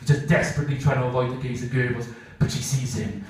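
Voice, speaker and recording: A male stand-up comedian telling an animated story on stage, acting out voices for dogs and people. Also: medium pitch, fast. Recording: roomy live venue, mic from a distance, audience. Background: audience laughter.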